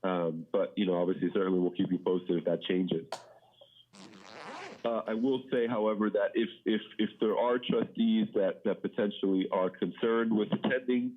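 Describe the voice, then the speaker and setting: A middle-aged man briefing a public board meeting as plan consultant, measured, with many fillers and restarts. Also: fairly low pitch, steady tone. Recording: dull municipal meeting audio.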